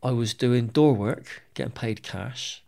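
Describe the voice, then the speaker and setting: A man's voice: mid-range voice, unhurried, creaky, a little mellow. A British man and former soldier, telling his own story in an interview, candid and plain-spoken, with frequent swearing and repeated words. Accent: British English.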